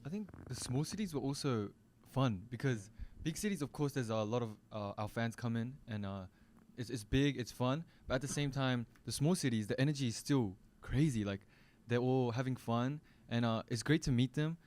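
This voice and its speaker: A man's voice: medium pitch, normal speed, few pauses, a little mellow, slight background noise. A man guesting in a radio interview, telling stories in an upbeat way and acting out what people said. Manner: upbeat storyteller, acts out quotes. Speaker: band member guest. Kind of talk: casual interview talk. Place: radio studio.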